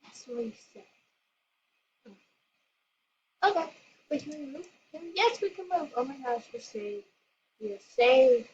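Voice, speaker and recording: A woman hosting her own channel, excitedly commenting on a game she plays, squealing and laughing. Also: sits high, measured pace, long pauses. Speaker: gaming channel host. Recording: lo-fi with noisy background.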